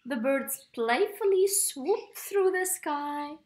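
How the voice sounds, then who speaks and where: A woman telling a children's story aloud in a slow, sing-song, affectionate voice. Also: high-pitched, animated, darkish tone.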